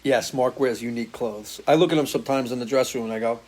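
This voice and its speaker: A man's voice: medium pitch, fast, darkish tone. A man hosting a live stream as a musician, chatting casually and answering viewer comments, loose and swearing freely. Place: home, living in Florida.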